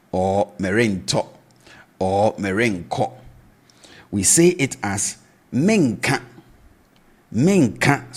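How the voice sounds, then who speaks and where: Husky-voiced man teaching a language. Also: fairly low pitch. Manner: patient, repeats words to drill pronunciation. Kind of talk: video lesson explanation.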